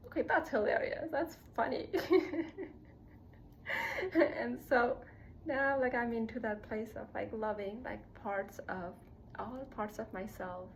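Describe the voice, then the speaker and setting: A woman's voice: fairly high pitch, fairly bright tone, a little hiss or hum, poor audio. A young woman vlogging a casual personal monologue, rambling with lots of "like" fillers and laughing at herself. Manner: rambling, heavy use of "like" fillers.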